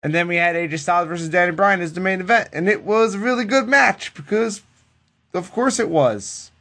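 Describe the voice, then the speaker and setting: A man co-hosting a casual podcast, retelling wrestling in a loose, profane, animated way. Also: high-pitched, fairly quick. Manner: animated, profane storytelling that acts out the people it quotes. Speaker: podcast co-host recapping wrestling. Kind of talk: casual chat.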